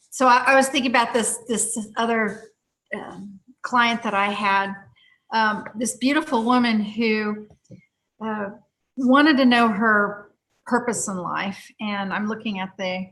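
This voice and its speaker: A woman's voice: mid-range voice, slow, a little hiss or hum. A woman telling a story from one of her healing sessions in a casual talk, full of fillers, restarts and frequent laughter. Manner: lively, many fillers and restarts, laughs often. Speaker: healing practitioner guest.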